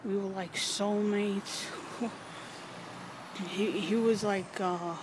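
A woman recording an emotional personal video message, halting, sighing and swearing as she nears tears. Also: medium pitch, steady tone. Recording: noisy background with vehicles.

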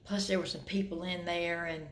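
Speaking at a moderate pace with fairly even intonation, she has a fairly low, slightly bright voice, and a little hiss or hum comes through. She's a middle-aged Southern US woman drawling chattily to her thrift-vlog viewers, whom she calls y'all.

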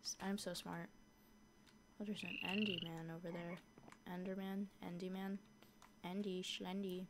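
A young woman chatting casually through a modded block-building game, easily scared and quick to shriek at monsters. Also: on the low side, level tone, noisy background. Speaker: gaming YouTuber. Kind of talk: casual gameplay commentary.

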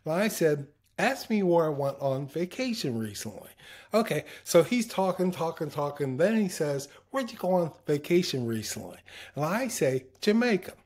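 A man's voice: fairly high pitch, sing-song, moderate pace, darkish tone, slightly rough. A man guest in a casual interview, telling anecdotes, acting out quoted voices and laughing often. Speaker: interview guest, former TV broadcaster.

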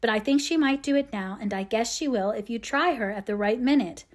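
A sensible, kind young elder sister, as a woman reading a storybook voices her. She coaxes gently in a slightly high voice. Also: a little fast, natural voice. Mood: coaxing.

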